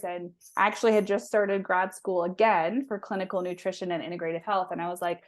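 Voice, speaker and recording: A woman's voice: medium pitch, fairly even intonation, fairly quick, few pauses. A woman in her thirties, a guest on an interview show, telling a personal story in a chatty, emotional way with many restarts. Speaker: guest, holistic health practitioner.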